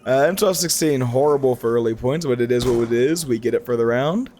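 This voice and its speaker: A man's voice: medium pitch, fairly quick, faint music behind. A young man giving casual, rambling commentary as he plays a video game, often restarting his sentences. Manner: rambling, animated, frequent self-corrections. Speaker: gaming YouTuber.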